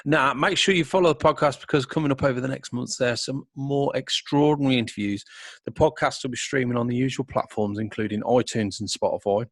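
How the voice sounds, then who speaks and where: Tired podcast host, dry sound. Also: male voice, mid-range voice, steady tone, a little fast, no echo. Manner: chatty, enthusiastic, stumbling restarts. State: losing his voice, tired. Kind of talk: casual interview chat and outro.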